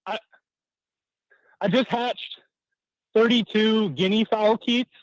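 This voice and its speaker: A farmer calls in and talks slowly and plainly, often clearing his throat. His voice is fairly high, and the sound is dry and close. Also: steady tone, no room sound, low-quality recording. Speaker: caller, a farmer. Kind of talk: phone-in conversation.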